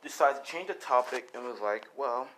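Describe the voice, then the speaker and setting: A man narrates an improvised fan story in a loose, rambling way, piling on fillers and the occasional swear. His pitch sits in the middle range. A faint hiss runs under the recording. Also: expressive, a little fast, fairly bright tone. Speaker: storyteller, channel host.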